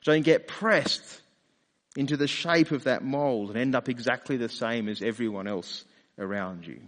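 Preacher in a reverberant hall. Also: male voice, mid-range voice, normal speed. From Australia. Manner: conversational, asks rhetorical questions. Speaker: pastor. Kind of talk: sermon.

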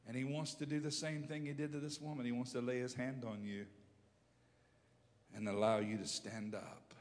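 A man's voice: flat delivery, normal speed. Impassioned preaching pastor, man. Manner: impassioned, swings from loud calls to low storytelling. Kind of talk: sermon with prayer. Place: church. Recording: long hall reverb.

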